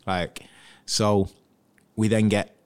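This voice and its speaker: Lower-voiced former footballer telling stories. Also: male voice, takes it slowly, clear, resonant tone. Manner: chatty, animated, acts out quotes from others. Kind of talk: casual interview storytelling.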